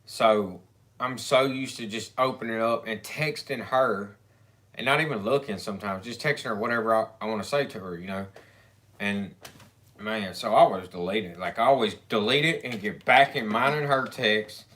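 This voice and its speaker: A man's voice: on the low side, normal speed, fairly bright tone. A man chatting casually on a livestream, telling easygoing stories.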